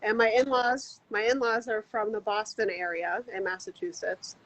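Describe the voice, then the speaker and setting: A woman from Florida chatting as a guest over a phone video call from her garden, friendly and quick to laugh. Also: medium pitch, fairly even intonation, a bit bright, rough recording. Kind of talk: casual chat. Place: outdoors in a garden.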